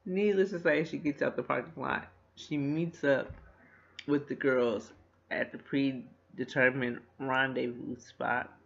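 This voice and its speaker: A man's voice: medium pitch, fairly even intonation, unhurried, gravelly, a bit bright. A man casually recapping a TV episode, animatedly retelling scenes and acting out the characters' lines. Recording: dull lo-fi recording.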